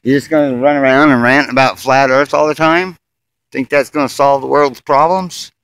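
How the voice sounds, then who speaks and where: A man's voice: medium pitch, steady tone, normal speed, fairly bright tone, smooth, no echo, poor audio. A man vlogging outdoors on a phone while walking his dog at night, rambling sarcastically and swearing freely as he rants. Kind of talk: casual rambling commentary while filming.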